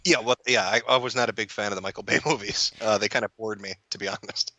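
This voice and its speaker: This guest speaks fast in a steady tone, his voice on the low side and bright, slightly pushed, with no room sound. He chats casually, rambles, curses, restarts his sentences clumsily, and keeps laughing as he talks, clearly amused.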